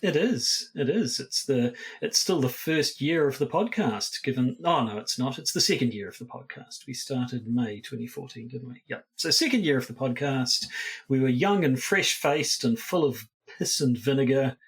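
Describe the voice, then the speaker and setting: A man's voice: medium pitch, expressive, moderate pace, breathy edge. A man with a New Zealand accent co-hosting a casual podcast, rambling and repeating his words. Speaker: podcast co-host.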